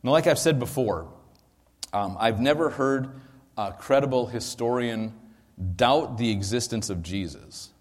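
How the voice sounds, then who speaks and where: A man's voice: medium pitch, a little slow, big-room sound. A male pastor teaching a sermon into a microphone, explaining in a conversational way with frequent ums and asides.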